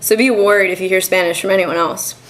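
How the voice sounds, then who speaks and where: A woman's voice: mid-range voice, steady tone, fast, fairly bright tone, close to an everyday voice, low-quality recording. Wry joking younger guy, woman reads.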